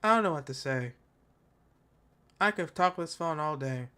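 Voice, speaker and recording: A man's voice: fairly high pitch, lively intonation, moderate pace, pushed and bright, smooth. A man hosting a tech channel, giving live commentary on a product event in a casual, slangy, joking rant and talking to his chat. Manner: ranting, joking, exaggerated mockery.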